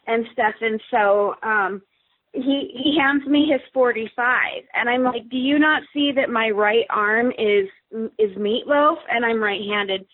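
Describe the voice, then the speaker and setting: Woman guest, fairly high voice, lively storytelling, quotes people, tinny phone line. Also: measured pace. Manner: lively, acts out quoted dialogue. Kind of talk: casual storytelling.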